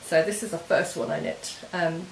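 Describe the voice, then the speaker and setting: A woman's voice: lowish voice, fairly even intonation, normal speed. A woman hosting a knitting podcast, chatting casually and explaining her projects step by step in a meandering way. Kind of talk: casual show-and-tell chat. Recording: roomy echo with faint hiss.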